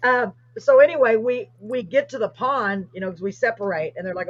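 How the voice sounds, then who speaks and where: A woman's voice: mid-range voice, fairly quick, breathy edge. A woman, hosting and animatedly telling a story in a casual chat. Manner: animated, excited retelling. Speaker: host. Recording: dull lo-fi livestream audio.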